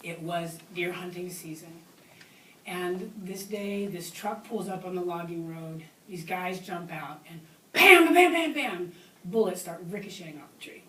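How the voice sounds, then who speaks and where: A woman telling a story to an audience, animated, laughing often and acting out shouted exchanges. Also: on the low side, unhurried, recorded from a distance. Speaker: speaker. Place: university hall. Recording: echoey hall, mic from afar.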